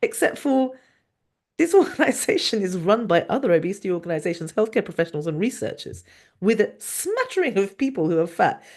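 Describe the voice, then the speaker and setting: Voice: medium pitch, a little fast. A podcast host and doctor giving a passionate, sarcastic monologue over a video call recording. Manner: sarcastic, mocking, animated.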